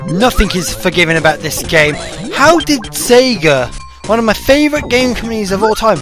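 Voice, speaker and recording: A game reviewer giving gameplay commentary, ranting loudly and swearing at the game. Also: mid-range voice, big pitch swings, normal speed. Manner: loud profane ranting at the game. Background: game music.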